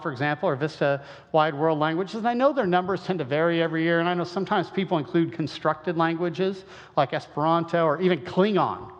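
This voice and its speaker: A man from Western Illinois giving a folksy, conversational lecture with lots of rhetorical questions. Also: on the high side. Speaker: creationist speaker. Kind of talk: lecture-style talk. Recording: muffled sound with long hall reverb.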